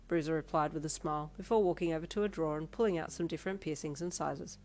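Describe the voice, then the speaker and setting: A woman narrating a second-person fan fiction story in an even storytelling manner. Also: low-pitched, quick pace, hardly any pauses. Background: faint instrumental music.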